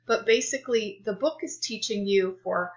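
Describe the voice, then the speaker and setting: A woman teaching a recorded Spanish grammar lesson, explaining clearly and unhurriedly. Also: mid-range voice, normal speed, muffled recording.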